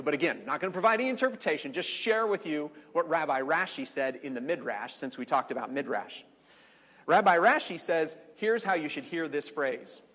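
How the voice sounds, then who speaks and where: A man teaching a conversational Bible study, chatty, with fillers and quick quoted asides. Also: fairly high pitch, a bit bright. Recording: long reverberant hall.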